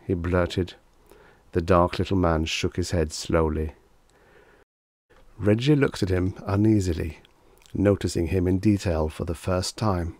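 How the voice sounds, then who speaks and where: An audiobook narrator with a deep, low male voice reads a vintage short story at a steady, measured storytelling pace. The recording is dry and close, with no music underneath.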